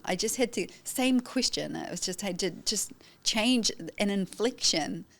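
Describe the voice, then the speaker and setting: A middle-aged woman, a guest on a podcast interview, telling her story emphatically and acting out what she said to people. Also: mid-range voice. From New Zealand. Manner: emphatic, animated storytelling with acted-out quotes. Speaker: guest, photographer and educator.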